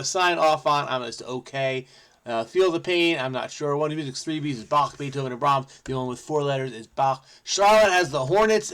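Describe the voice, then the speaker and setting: A man hosting a crossword video, thinking aloud as he solves, playful and energetic, muttering to himself between clues. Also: medium pitch, gravelly. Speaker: crossword solving channel host. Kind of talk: thinking aloud while solving a puzzle.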